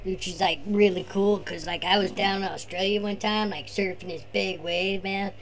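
A man's voice: sits high, steady tone, moderate pace, a bit bright. A man voicing his laid-back surfer-dude cousin, who drawls slacker talk and tags bruh and man onto every line.

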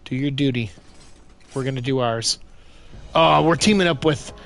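A young man doing let's-play commentary, excitable and joking, trash-talking the enemies. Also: mid-range voice, moderate pace, gravelly. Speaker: gaming commentator. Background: game music.

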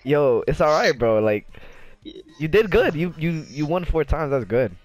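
An excitable young man chatting over a headset during an online game, his voice bouncing up and down in pitch. He teases the players and keeps calling them "bro" and "man". Faint game music plays behind him. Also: unhurried, muffled recording. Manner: excitable, teasing, says "bro" and "man" a lot. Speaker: YouTuber hosting a game match. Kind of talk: casual gaming chat.

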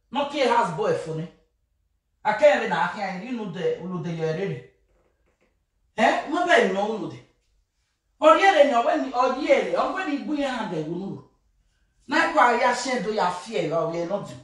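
A woman with a Nigerian accent gives animated gossip commentary, mimicking people, laughing and shouting. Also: mid-range voice, normal speed, pauses often. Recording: very echoey room, voice far from mic.

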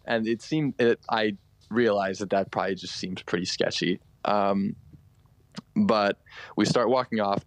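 A man's voice: lowish voice, steady tone, unhurried, no echo. A young man telling a long story in a voice message, rambling with many fillers and laughing through it. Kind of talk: casual storytelling.

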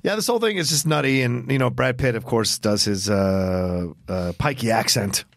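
A man's voice: mid-range voice, normal speed, vocal fry, no room sound, studio quality. A man co-hosting a film podcast, chatting casually and swearing freely. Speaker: podcast co-host.

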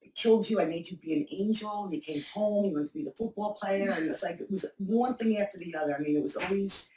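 Halting, earnest middle-aged woman. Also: mid-range voice, dark tone, slight background noise. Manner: halting, repeats herself, candid and earnest. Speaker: interviewee, mother of the host. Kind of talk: candid emotional interview. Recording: echoey room, mic far off.

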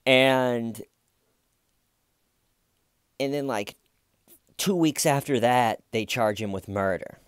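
A man's voice: medium pitch, slow, long pauses, clear, resonant tone, no room sound, clean studio sound. A man giving casual true crime commentary, musing aloud in a wry tone with hesitant restarts.

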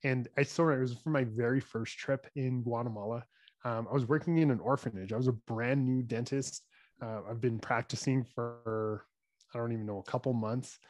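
Earnest man with a mellow voice. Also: mid-range voice, fairly even intonation, normal speed, no echo. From Canada. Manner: earnest, with fillers and restarts. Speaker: dentist, podcast guest. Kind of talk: storytelling in a podcast interview.

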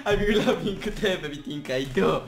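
A man's voice: on the high side, moderate pace, creaky, a loud crowd. A young man hosting a gaming video, who keeps collapsing into laughing fits as he tries to get through an intro. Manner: giggly, keeps breaking into laughing fits while trying to record an intro. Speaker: gaming channel host. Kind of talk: casual gaming banter.

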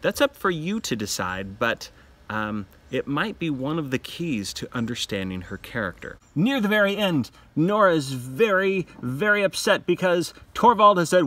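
A man teaching a literature lesson in an animated manner, acting out quotes from the play. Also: mid-range voice, normal speed.

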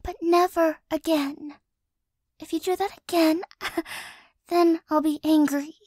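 Very high, slow-spoken woman in whispered role-play. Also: steady tone, slight background noise. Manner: soft, flustered, doting, with frequent stammers and sighs. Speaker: ASMR creator.

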